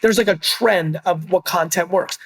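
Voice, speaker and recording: A man's voice: sits high, normal speed, vocal fry, fairly bright tone, breathy edge. A middle-aged man as a guest in a business interview, talking in an emphatic, blunt way and swearing casually. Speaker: guest, entrepreneur.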